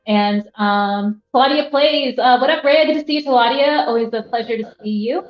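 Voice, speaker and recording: A woman's voice: a little high, normal speed, soft background music. Rambling young woman livestreaming. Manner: rambling, many fillers, reads chat aloud. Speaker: livestream host. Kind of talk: casual livestream chat. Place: rented apartment room. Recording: roomy, slightly dull sound.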